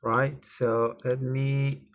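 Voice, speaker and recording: A man's voice: mid-range voice, little pitch movement, drawn-out words. A man teaching a language lesson, spelling out words and repeating phrases over and over. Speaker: Spanish teacher. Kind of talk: slow, repetitive language lesson.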